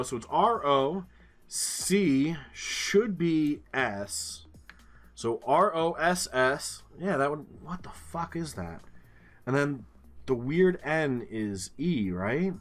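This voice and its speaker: A man's voice: a little high, animated, takes it slowly, a bit bright. A man giving casual game commentary, thinking aloud as he works through clues, muttering and swearing now and then. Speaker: gaming streamer.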